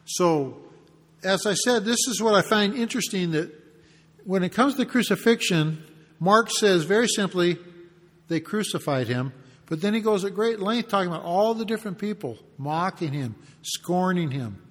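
A man's voice: high-pitched, animated, normal speed, fairly bright tone, in a large hall. A man preaching a conversational expository sermon, reading verses and acting out brief taunts as asides. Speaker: pastor.

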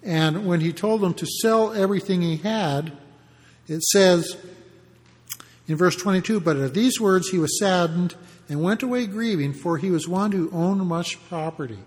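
A man preaching a sermon, explaining the passage in a conversational way with pauses and restarts. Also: high voice, in a large hall. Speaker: pastor.

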